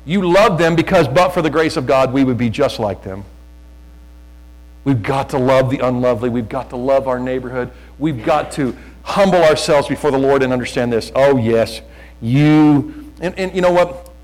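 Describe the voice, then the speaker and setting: A middle-aged male pastor delivers a fervent sermon at medium pitch and a moderate pace, often getting loud and repeating words as he builds. The audio quality is poor.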